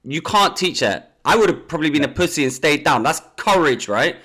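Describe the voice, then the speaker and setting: A man's voice: on the high side, a little fast. Rambling man on a podcast. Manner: animated, rambling, many restarts. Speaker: podcast co-host. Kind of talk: casual chat.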